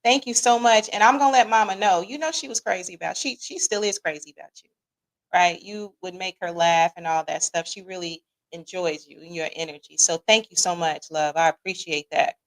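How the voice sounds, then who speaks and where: A woman's voice: fairly low pitch, brisk. A woman with a Midwestern American accent hosting a podcast livestream, joking casually and talking back to viewers in the chat. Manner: lively, joking, talks to the chat. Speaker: podcast host reading live chat.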